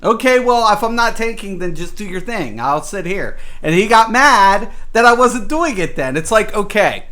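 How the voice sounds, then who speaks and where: A man's voice: high voice, very animated, moderate pace, few pauses, bright, forceful tone. A man streaming a game, venting in a rambling, exasperated way and often breaking into laughter. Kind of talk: casual live-stream chat.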